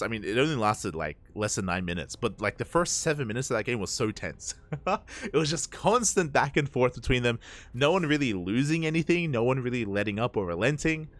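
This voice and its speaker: A man's voice: mid-range voice, a bit bright, dry recording. An Australian man casting a live esports match, chatty and loose, laughing often between play-by-play. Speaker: esports caster.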